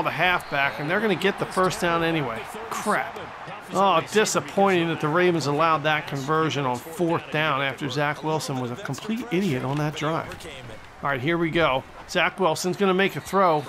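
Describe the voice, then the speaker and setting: A man giving excitable play-by-play commentary over a football video game, exclaiming at big plays and mocking the other team. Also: fairly high pitch, normal speed. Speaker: gaming channel host. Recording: stadium crowd noise from the game behind.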